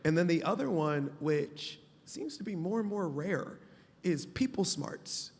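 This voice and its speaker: A man's voice: on the high side, animated, a little slow, a little mellow. A male pastor speaking on a live conference panel with an emphatic, preacher-like cadence. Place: conference stage before a live audience. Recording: long reverb of a large hall.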